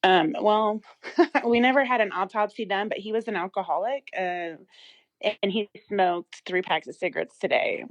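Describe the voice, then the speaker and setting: A woman's voice: medium pitch, moderate pace, no echo. A woman in her thirties telling an emotional personal story as an interview guest, with many fillers and restarts.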